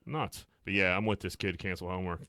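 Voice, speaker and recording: A man's voice: low-pitched, fast talker, smooth, dry recording, studio quality. A man co-hosting a podcast in casual chat, cursing freely and acting out quotes. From Pittsburgh area. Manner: animated, swearing, acts out quotes. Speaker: podcast co-host.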